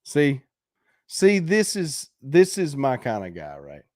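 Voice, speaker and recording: Brash male host for casual chat, coaches and swears, average pitch, recorded dry and close. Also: wildly swooping pitch, slow, darkish tone, dry recording. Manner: laughs often, talks straight to viewers. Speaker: host reacting to viewer videos.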